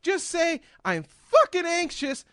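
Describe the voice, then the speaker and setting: A man with an unusually high voice rants through a podcast, swearing freely and bursting into shouts. The sound is close and dry, with no room around it. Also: sing-song, slow pace, dry recording. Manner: profane, ranting, often shouting. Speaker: podcast host. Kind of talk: ranting podcast talk.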